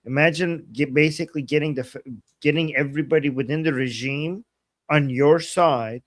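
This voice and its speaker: A man's voice: a little high, normal speed, no room sound. A man from Iran co-hosting a live stream, animatedly explaining politics. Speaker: political analyst co-host.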